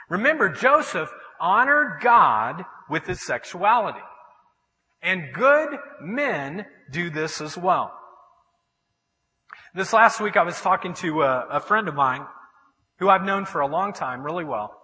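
A pastor delivers his sermon in a church sanctuary, his high voice swinging widely as he tells stories and acts out the voices of the people in them. The sound carries a long hall reverb. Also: a little slow, long pauses. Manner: animated storytelling, acting out quoted voices.

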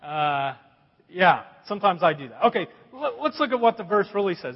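Male pastor, sermon, high voice, lively pitch swings, long hall reverb, dull sound. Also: normal speed, husky. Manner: animated storytelling with a lot of pitch swings.

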